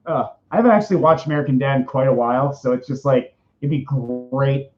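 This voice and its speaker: A man's voice: medium pitch, brisk, a little mellow. A man hosting a casual question-and-answer chat, rambling and breaking off mid-thought. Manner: rambling, self-interrupting, chatty. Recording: dull lo-fi sound.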